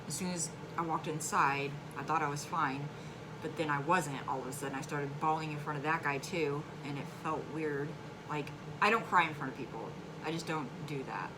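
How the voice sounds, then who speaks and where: A woman frankly telling a personal story on her vlog, halting and restarting, flaring up when angry. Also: deep voice. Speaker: vlogger sharing a personal story. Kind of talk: candid conversational storytelling. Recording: clear background noise.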